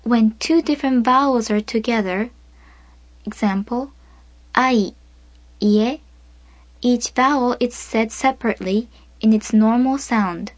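A woman reads a scripted pronunciation lesson at a very slow, deliberate pace. Her voice sits slightly high, and each syllable comes out clean and separate. The recording is dry and close, with no room sound. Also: no room sound. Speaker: language instructor.

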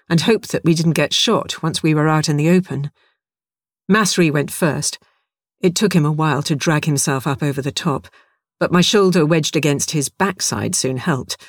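A man's voice: a little high, dry recording. Male storyteller, dry close read. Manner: vivid, darkly wry storytelling. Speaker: narrator. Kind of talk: first-person story narration.

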